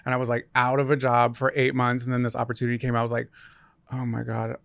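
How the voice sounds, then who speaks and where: A man's voice: mid-range voice, monotone, racing, a bit bright, clean tone, no echo. A man co-hosting a podcast, telling stories in a wry, joking way during casual chat. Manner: wry, storytelling, dry jokes. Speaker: podcast co-host.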